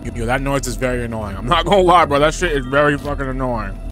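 A young man commentating a horror game he is playing, loud, profane and joking as he talks back at it. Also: medium pitch, lively intonation, fast talker. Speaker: gaming streamer. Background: game music.

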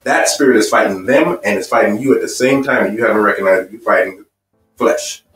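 A man teaching a marriage seminar to an audience, lively and full of rhetorical questions. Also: lowish voice, fast talker, recorded from a distance. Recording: echoey room, voice from afar, faint music.

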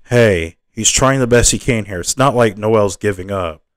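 A feisty young woman who snaps back with sharp, indignant retorts, as a man with a low voice puts her on in a storybook reading. The delivery sits a touch above his deep natural register. The sound is close and dry, with no room around it. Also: a little fast, no echo, lightly acted.

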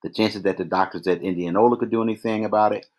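Deep-voiced man reading a novel aloud. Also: fairly even intonation, darkish tone. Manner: measured, with occasional restarts. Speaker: reader. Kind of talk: read-aloud novel narration.

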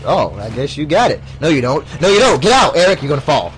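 Lively, crude-joking gamer man. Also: on the high side, quick pace, slight background noise. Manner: crude teasing, laughs often. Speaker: gaming channel host. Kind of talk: casual let's-play banter.

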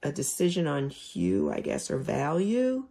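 A chatty woman giving a casual sewing lesson, talking straight to her viewers. Her voice sits low and turns gravelly. A faint hum of noise runs behind her. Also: huge pitch swings, measured pace. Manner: chatty, talks to viewers while working. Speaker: quilting instructor.

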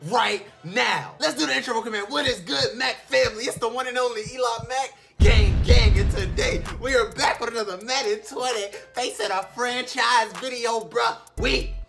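A man giving loud, excitable, slang-heavy commentary over a football video game, often shouting and chanting. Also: extremely high pitch, a little fast, vocal fry, few pauses, over music. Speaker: gaming YouTuber.

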